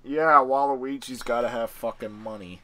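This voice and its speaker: A young man chatting casually with a friend, animated and excitable. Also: mid-range voice, normal speed. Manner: animated, excitable, yells for effect. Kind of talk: casual chat.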